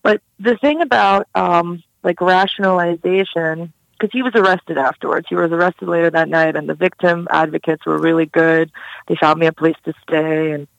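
A woman's voice: lowish voice, fairly even intonation, moderate pace, gravelly, no echo, highs cut off. A young woman recounting a personal story in an interview, casual and candid with many fillers. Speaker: guest.

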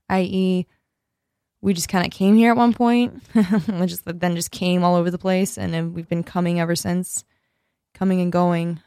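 A woman's voice: mid-range voice, mellow, clean tone, dry recording. A woman hosting a radio show alone in the studio, rambling and joking, often losing her thread. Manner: rambling, jokey, self-interrupting. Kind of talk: rambling solo radio talk.

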